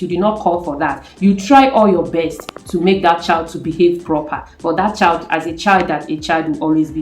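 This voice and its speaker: A young woman with a Nigerian accent tells a story in a vlog, emphatic and animated. Her voice sits somewhat low for a woman. The sound carries the echo of a bare room. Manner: animated, emphatic storytelling, rising to indignant outbursts. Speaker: vlogger. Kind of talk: casual opinion vlog. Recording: echoey room.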